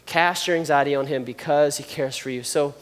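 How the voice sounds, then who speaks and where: A man's voice: on the high side, brisk. A man preaching a sermon in an earnest, conversational way, with rising emphasis on his key points. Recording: long reverb, guitar music behind. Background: soft guitar music.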